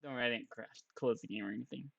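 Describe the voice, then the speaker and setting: A man's voice: mid-range voice, racing, gravelly, bright, forceful tone, no echo, muffled recording. A man streaming a game in a casual, joking way, chatting with his viewers and laughing often.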